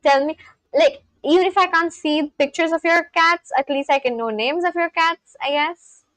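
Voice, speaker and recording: A woman's voice: high-pitched, moderate pace, a bit bright, no echo. A woman from India, chatting casually on a livestream, reading and answering viewers' comments. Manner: chatty, reads and answers chat aloud, laughs often. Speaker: livestream host.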